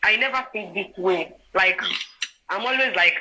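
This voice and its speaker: In poor audio, a Nigerian-accented woman in her twenties guests on a casual chat, animatedly telling a personal story. She speaks at medium pitch and normal speed, frequently asking "do you understand?" to make sure listeners follow.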